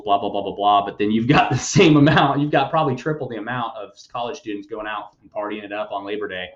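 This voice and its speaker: A man's voice: fairly low pitch, echoey room, muffled recording. A man hosting a podcast, giving blunt, sarcastic news commentary and swearing freely. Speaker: podcast host.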